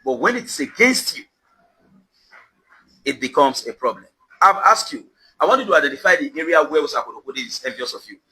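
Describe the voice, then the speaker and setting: A Nigerian social media commentator stands outside at his house compound, ranting straight into the camera in an emphatic, accusatory way and repeating his questions for effect. His voice sits a little high with lively intonation, moving a little fast with long pauses and a sharp edge. The audio quality is poor.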